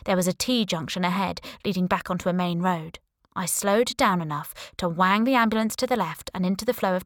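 A woman reading a first-person audiobook thriller in a lively, wry, dramatic way. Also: lowish voice, no room sound, studio quality. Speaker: audiobook narrator.

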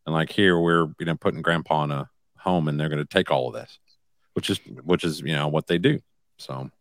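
A man's voice: rumbling low, fairly quick, dry recording. A man on a remote mic, talking casually and rambling with plenty of fillers. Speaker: podcast co-host. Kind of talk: casual chat. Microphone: remote home mic.

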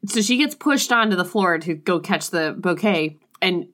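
A woman co-hosting a podcast, chiming in with relaxed asides while recapping a story. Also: lowish voice, moderate pace. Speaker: podcast co-host. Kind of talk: casual chat recapping a story.

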